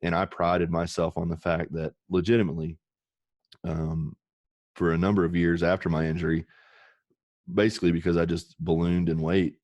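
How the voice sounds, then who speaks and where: A very deep-voiced man talks candidly and with feeling, swearing now and then as he tells personal stories. The sound is dry and close, with no room around it. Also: level tone, normal speed, darkish tone, no echo, highs cut off. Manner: earnest, emotional, swears casually. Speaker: podcast guest. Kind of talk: candid podcast storytelling.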